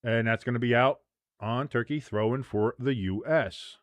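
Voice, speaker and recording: A man's voice: mid-range voice, moderate pace, no room sound. A man in his forties hosting a live sports watch-along, crude and rambling, laughing at his own jokes. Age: 40s.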